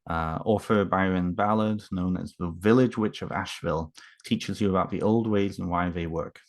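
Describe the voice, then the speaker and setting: A man unboxing books in a casual home vlog, talking haltingly with many fillers and restarts, moved and emotional. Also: sits low, fairly even intonation.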